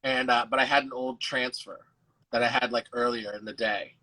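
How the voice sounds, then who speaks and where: A young adult man, a guest chatting casually on a live video call, laid-back and quick to swear. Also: medium pitch, steady tone, bright, forceful tone, rough recording. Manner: laid-back, swears freely, laughs often. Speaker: actor and guest.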